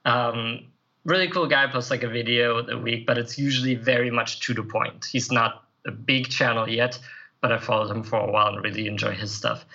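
An earnest man being interviewed as a self-improvement coach, answering in a reflective, conversational way. His tone is bright and forward. The recording sounds slightly dull and lo-fi. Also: mid-range voice. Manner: earnest, reflective, with light laughs and fillers. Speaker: podcast guest, self-improvement writer and coach.

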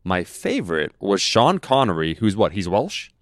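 A man with a fairly low voice rambles through a casual chat, stacking fillers and restarting his sentences. The recording is dry and close, with no room sound. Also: big pitch swings, moderate pace, dry recording.

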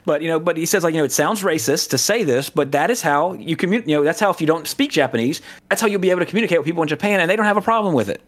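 A man's voice: on the high side, expressive, very fast, few pauses. A man from the American South in casual podcast chat, rambling with many fillers, restarts and asides. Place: Southern California.

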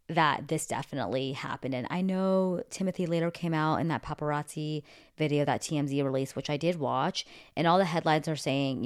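A young woman talking through celebrity gossip in a casual, opinionated way, full of asides and fillers. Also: deep voice. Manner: chatty, opinionated, fast asides, lots of "like". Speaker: pop culture commentator.

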